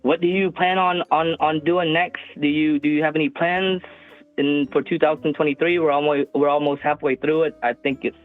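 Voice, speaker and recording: A man calling in to a show, talking with halting, stammering restarts over a phone line. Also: on the high side, fairly even intonation, dry recording, faint music behind. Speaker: caller. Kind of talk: phone-in chat.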